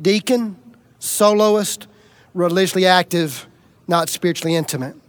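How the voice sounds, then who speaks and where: A high-pitched middle-aged man from Alabama gives a sermon testimony. He tells his own story in an emphatic, confessional way, like a storyteller. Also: normal speed, clear, resonant tone. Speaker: preacher giving testimony.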